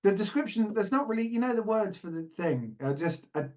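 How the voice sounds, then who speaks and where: A man's voice: high-pitched, expressive, a little fast, a little mellow, highs cut off. A man co-hosting a casual podcast, talking in a playful, rambling, teasing way. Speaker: podcast co-host. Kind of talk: casual chat.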